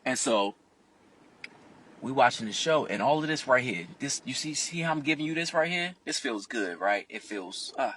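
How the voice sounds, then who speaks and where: A man vlogging from inside a car, telling a candid, profane personal story with animated delivery. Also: medium pitch, normal speed, husky. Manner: animated and profane, acts out other people's voices.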